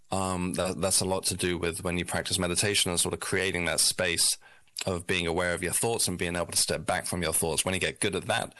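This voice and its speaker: A man's voice: sits low, sharp tone, no echo. A British man, an author and guest on a radio show, talking in a reflective, rambling way with self-deprecating asides. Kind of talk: radio interview.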